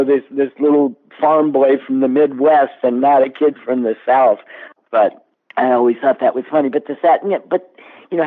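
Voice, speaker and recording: A man in his seventies, a guest actor, telling stories in an animated, casual interview chat. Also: mid-range voice. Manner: animated storyteller. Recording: tinny phone-like line.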